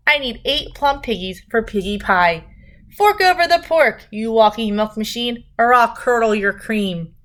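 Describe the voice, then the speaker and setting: A shrill, cackling witch from a picture book, bossy and greedy, shouting high and loud at the farm animals, as a woman reading aloud puts her on. Her voice climbs well above an ordinary speaking pitch and stays pushy and impatient. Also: expressive, moderate pace, hardly any pauses, close to an everyday voice. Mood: demanding. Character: cranky greedy shrieking female witch.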